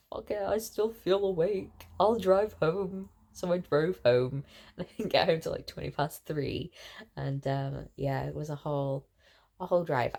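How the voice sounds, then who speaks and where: A tired young woman losing her voice, chatting in a rambling, excitable way while lying in bed. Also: rumbling low, gravelly. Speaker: book vlogger. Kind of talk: casual chatty vlog.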